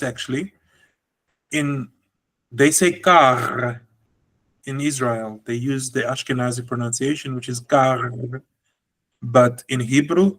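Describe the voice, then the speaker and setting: A man's voice: medium pitch, fairly bright tone, low-quality recording. A man teaching a language lesson, explaining patiently and drawing out example words.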